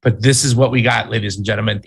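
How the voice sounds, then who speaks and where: A man's voice: on the low side, fairly even intonation, quick pace, vocal fry. A man co-hosting a political commentary show, blunt and exasperated, with slangy asides. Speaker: co-host.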